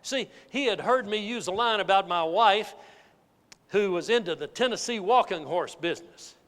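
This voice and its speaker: A man giving a keynote sales speech, telling a folksy, animated story to a live audience. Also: sits high, normal speed. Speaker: motivational sales speaker. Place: large hall with an audience. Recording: reverberant hall.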